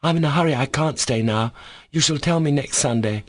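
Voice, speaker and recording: A man voicing a cocky, quick-witted schoolboy who talks in a lofty, teasing way in an audiobook reading. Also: a little high, dry recording, studio quality, pitched above the performer's own voice, close to an everyday voice. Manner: lofty, teasing, clipped and sure of himself.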